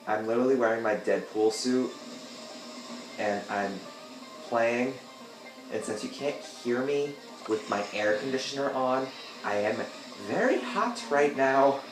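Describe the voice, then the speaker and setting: Man hosting his own gameplay video: slow, rambling, goofy asides, sudden yelps; roomy sound with music under. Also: mid-range voice, steady tone. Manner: rambling, joking, with sudden loud outbursts. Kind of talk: casual gameplay commentary. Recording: echoey room with game music behind.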